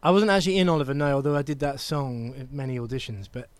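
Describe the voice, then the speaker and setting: A man's voice: mid-range voice, quick pace, dry recording. A man in his thirties from England with a southern English accent, a guest chatting in an easy, hesitant way full of ums. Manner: relaxed, hesitant with many ums. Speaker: guest singer. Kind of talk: casual interview chat.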